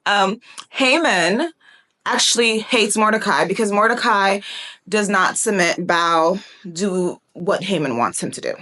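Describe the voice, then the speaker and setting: A young woman giving a fast, chatty Bible teaching, playfully acting out the characters as she retells a story. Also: mid-range voice, animated, pushed and bright. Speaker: prophetic teacher.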